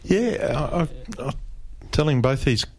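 A man's voice: on the high side, big pitch swings, measured pace. A man chatting casually as a radio guest, rambling and hesitant as he talks.

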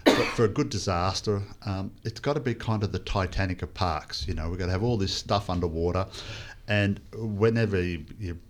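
A man's voice: low-pitched, moderate pace. A man hosting a casual film chat, talking in a loose, rambling way with many restarts. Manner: rambling, hesitant, full of restarts. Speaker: podcast host reviewing a film.

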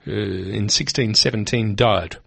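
A man co-hosting a radio show, chatting and telling stories in an animated way. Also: lowish voice, unhurried, vocal fry, slightly rough. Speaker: radio co-host. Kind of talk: casual radio chat. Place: radio studio.

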